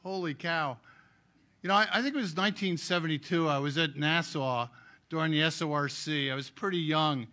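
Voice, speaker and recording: A man emceeing an award ceremony, introducing honorees with lively, joking anecdotes. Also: a little high, fairly quick. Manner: lively anecdotal storytelling with jokes.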